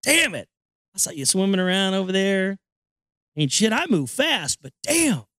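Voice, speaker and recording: A lecherous ancient god, as a man plays him talks like a pushy, crude bro. His voice sits a bit lower than the man's own and stays loose and impatient. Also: big pitch swings, normal speed, sharp tone, dry recording, studio quality, heavily acted. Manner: crude, casual bro talk.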